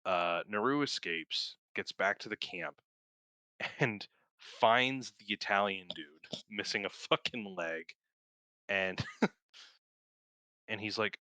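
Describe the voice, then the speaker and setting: Young male co-host, low pitch and bright, forceful tone, rambling and profane, laughs often. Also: slow pace, pauses often, no echo. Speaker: podcast co-host. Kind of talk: casual film review chat.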